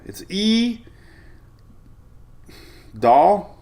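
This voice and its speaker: Male weather-stream host, gravelly, rambling and chuckly, mid-range pitch. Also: huge pitch swings, very slow, long pauses, a little mellow. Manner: rambling, chuckling, self-interrupting. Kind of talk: casual live-stream weather talk.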